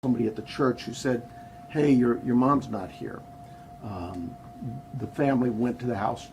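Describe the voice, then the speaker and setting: Gravelly male sheriff, halting and rambling at a press podium, faint room hum behind him. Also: medium pitch, darkish tone. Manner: halting, rambling, repeats words. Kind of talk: press conference answers.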